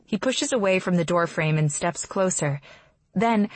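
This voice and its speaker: A woman's voice: on the low side, expressive, measured pace, no echo. Woman narrating a fantasy romance. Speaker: audiobook narrator.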